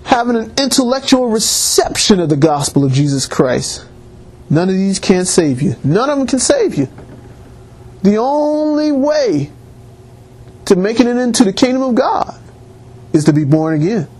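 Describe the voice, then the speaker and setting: A male preacher delivers a sermon in a husky voice. His pitch swoops widely as he drives his points home, climbing to emphatic peaks. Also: very animated, moderate pace, a little mellow.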